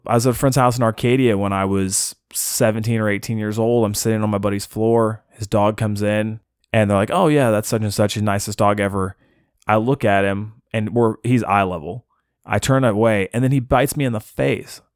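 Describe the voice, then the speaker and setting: A young man with a fairly low voice tells a story in a casual podcast chat. He is animated and self-mocking, slipping into the voices of the people he quotes. The sound is dry and close. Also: moderate pace, clean tone, dry recording. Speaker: podcast co-host telling a story.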